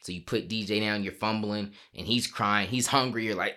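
A man's voice: on the low side, moderate pace, sharp tone. A man in playful banter with his wife, telling a teasing story with laughs and mock voices. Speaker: husband playing an improv game.

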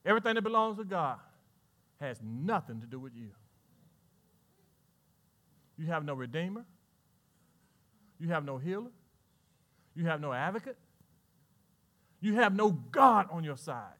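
A male pastor preaching a sermon. He asks the congregation questions and swings between loud, rising lines and hushed asides. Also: high voice, very animated, moderate pace, pauses often.

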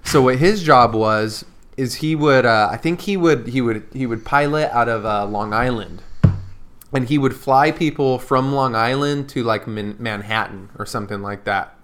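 A man's voice: mid-range voice, normal speed, fairly bright tone, slight background noise. A man co-hosting a podcast in casual chat, telling a rambling story full of restarts and profanity. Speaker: podcast co-host.

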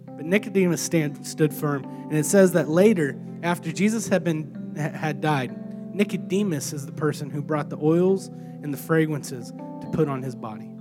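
A young man with a high, light voice preaches a sermon with lively energy, now and then acting out gasping, strained voices. Guitar music plays clearly beneath his words. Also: normal speed. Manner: animated, acts out strained voices. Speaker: young adults pastor.

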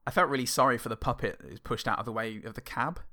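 Brief: relaxed male co-host riffing on a movie, bright tone, crude and jokey. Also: mid-range voice, fast. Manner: swears freely, laughs, does little voices. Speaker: podcast co-host. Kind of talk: casual film review chat.

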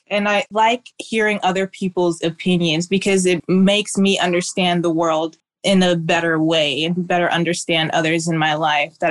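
A woman in her twenties, a podcast guest, talking in a warm, encouraging, chatty way. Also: on the low side. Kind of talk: casual podcast chat.

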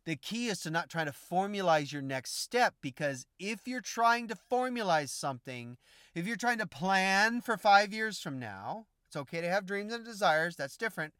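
A man's voice: sits high, lively intonation, normal speed, fairly bright tone, clean tone, dry recording, studio quality. Emphatic man giving a spiritual talk. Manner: emphatic, repetitive, direct address to viewers. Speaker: Christian teacher. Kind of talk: informal spiritual message.

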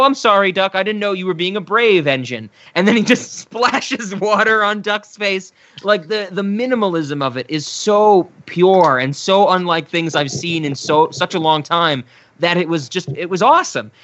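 Man, casual co-host chat, enthusiastic, filler words, bright forceful tone, somewhat high, dull recording.

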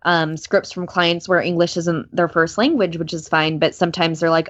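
A woman's voice: lowish voice, normal speed, hardly any pauses. Chatty woman voice actor, lo-fi. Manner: chatty, animated, many fillers. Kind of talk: casual podcast chat. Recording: dull lo-fi sound.

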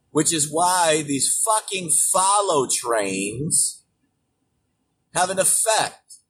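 Ranting, foul-mouthed man, high-pitched. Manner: angry, swearing constantly, emphatic, bursts into shouting. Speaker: show host. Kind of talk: profane political rant. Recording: distant mic with faint background noise.

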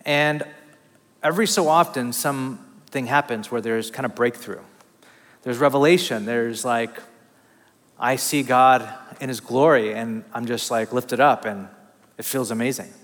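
A man in his thirties preaching a conversational sermon, an animated, self-deprecating storyteller with casual fillers. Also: mid-range voice, measured pace. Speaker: pastor. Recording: long reverb of a large hall.

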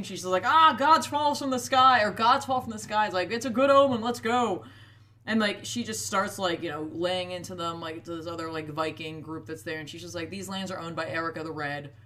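Casual animated woman retelling a story. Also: on the low side. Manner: animated retelling, acts out characters' lines. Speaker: podcast co-host retelling a book. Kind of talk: casual chat.

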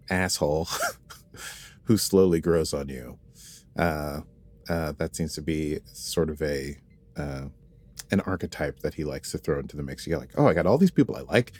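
Man, very low voice, podcast co-host, casual chat, playful, rambling asides. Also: a little mellow. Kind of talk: casual chat about a TV episode.

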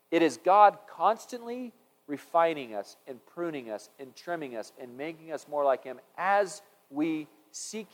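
A man preaching a conversational sermon, retelling a story with frequent restarts. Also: on the high side. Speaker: pastor.

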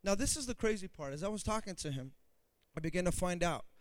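A middle-aged man preaching a sermon as pastor, emphatic, swinging from intimate asides to booming declarations. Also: lively intonation, fast talker, no echo.

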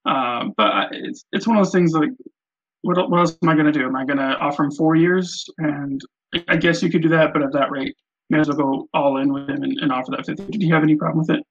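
A man's voice: a little high, fairly even intonation, fast talker, dull audio. A man as a guest on a casual sports podcast, talking with many ums and restarts.

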